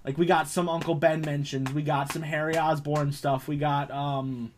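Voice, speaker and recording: A man's voice: on the high side, little pitch movement, normal speed, a little hiss or hum. A man hosting a casual video game chat, blunt and freely swearing. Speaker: podcast host.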